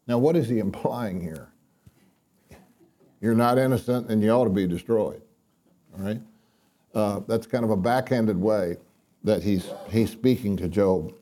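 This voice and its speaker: A man gives a casual Bible teaching before a live audience, reading scripture aloud and then explaining it in plain words. His voice is very dark and mellow, and he speaks at an unhurried, deliberate pace, with ums and restarts along the way. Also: fairly low pitch.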